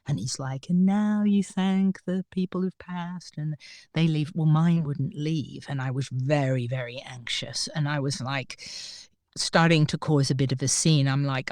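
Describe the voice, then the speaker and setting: A woman guest on a podcast, telling a personal story in an animated way and acting out the voices of the people in it. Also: low-pitched, moderate pace, dry recording, studio quality. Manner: animated, acts out quoted voices. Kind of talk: storytelling in an interview.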